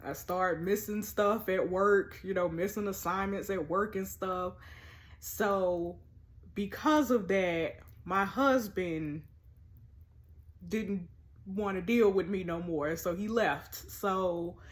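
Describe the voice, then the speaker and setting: A woman's voice: medium pitch, slow pace. Woman, casual game commentary, sassy, reads messages aloud with asides. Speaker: gamer playing a story game.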